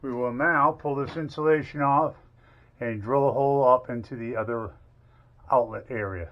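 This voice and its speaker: A man's voice: mid-range voice, moderate pace. A man co-hosting a home remodeling video, explaining electrical work in a plainspoken, casual way. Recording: echoey, dull room sound.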